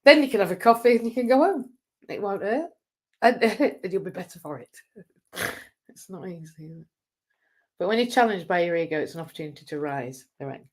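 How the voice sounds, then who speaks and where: Low-voiced woman, chatty and self-mocking. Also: expressive, a little fast, pauses often, a little mellow. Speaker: live stream host. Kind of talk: rambling casual monologue.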